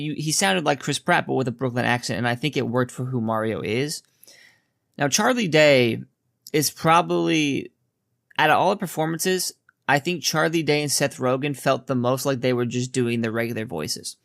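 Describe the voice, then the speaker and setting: A man giving a casual spoken movie review in a relaxed, chatty way, with frequent filler words. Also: mid-range voice, vocal fry, no echo, studio quality.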